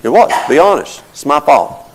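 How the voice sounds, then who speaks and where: A man's voice: on the high side, very animated, normal speed, slightly rough, poor audio. An older man giving a folksy teaching talk, telling stories and explaining with plain everyday examples. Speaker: health talk presenter.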